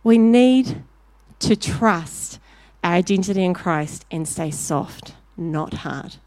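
A woman preaching a sermon, telling a story with lively acted-out voices before turning to direct exhortation. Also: lowish voice, slow, no echo. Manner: animated storyteller, acting out voices in anecdotes.

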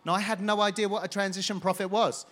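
Energetic storytelling preacher, fairly high voice. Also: male voice, quick pace. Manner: energetic, storytelling, calls to the congregation. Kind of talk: sermon with personal testimony.

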